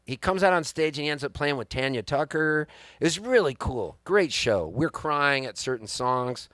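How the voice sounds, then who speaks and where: A man with a slightly raised pitch tells a rambling, excitable story to a live audience at a music venue. He throws himself into the voices of the people he quotes. His voice comes through a stage microphone with a dry, close sound. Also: moderate pace, dry recording. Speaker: singer-songwriter performing live. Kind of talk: storytelling between songs on stage.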